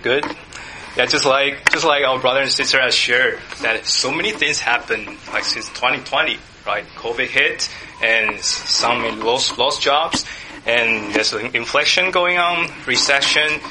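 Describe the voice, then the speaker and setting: A man's voice: mid-range voice, measured pace. A man opening a church talk, conversational and asking the audience questions. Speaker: church speaker. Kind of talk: sermon. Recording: noisy background.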